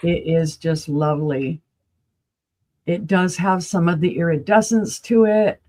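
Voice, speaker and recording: A woman selling vintage items on a live stream, chatty and excited as she describes each piece. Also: on the low side, measured pace. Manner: excited, chatty, rattles off item details. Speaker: vintage seller. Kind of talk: live-stream sales pitch.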